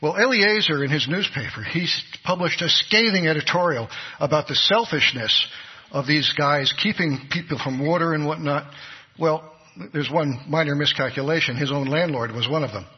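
Brief: male preacher, slightly high and husky, earnest storyteller, dull lo-fi hall recording. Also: normal speed. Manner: earnest storytelling, voices the people in his stories. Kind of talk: sermon storytelling.

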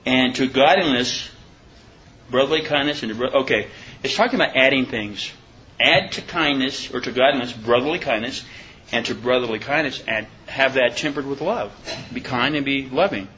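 A man leads an informal Bible study in a bright, clear voice. He reads scripture slowly and deliberately, then breaks off to question his listeners. The recording is dull and lo-fi, with a faint hiss underneath. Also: mid-range voice. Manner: conversational, asks the listeners questions. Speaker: preacher.

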